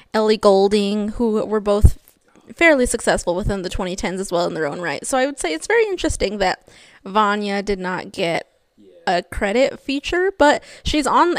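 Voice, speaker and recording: A woman's voice: medium pitch, dry recording, clean studio sound. A young woman co-hosting a casual podcast, chatty and upbeat, often laughing as she talks. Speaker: podcast co-host.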